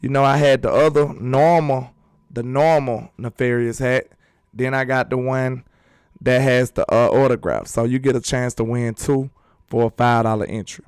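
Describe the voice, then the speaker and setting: A man's voice: mid-range voice, fairly even intonation, normal speed, darkish tone, clean tone, no room sound, clean studio sound. A man hosting a sports channel in a casual live-stream chat, talking loosely and reading viewers' comments aloud.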